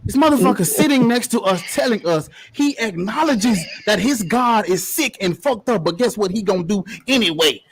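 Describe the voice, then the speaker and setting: A young man with a husky, breathy voice argues fiercely in a street debate. He swears freely and preaches his points. His pitch sits high and jumps around with lively swings. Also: normal speed, few pauses. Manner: fiery, profane, preachy. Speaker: debate participant.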